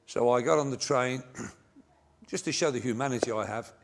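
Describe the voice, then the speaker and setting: A man's voice: mid-range voice, normal speed, vocal fry, slight background noise. An older man, preaching a sermon to a congregation in a church, telling self-mocking funny stories. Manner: anecdotal, self-mocking, jokey delivery. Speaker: pastor. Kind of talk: humorous sermon storytelling. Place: large church before a congregation.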